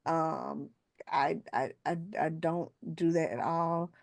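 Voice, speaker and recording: A woman author as a podcast guest, telling casual, animated stories in a colloquial way. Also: deep voice, slow pace, vocal fry, no echo, clean studio sound. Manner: animated, colloquial, acts out voices of others. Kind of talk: casual storytelling interview.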